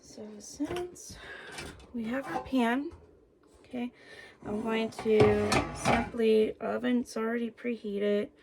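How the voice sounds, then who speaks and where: Taking it slowly, a woman with a higher voice chats her way through a home cooking demo in her kitchen, slightly out of breath. She narrates what she's doing and talks to viewers as "guys," with a noisy recording.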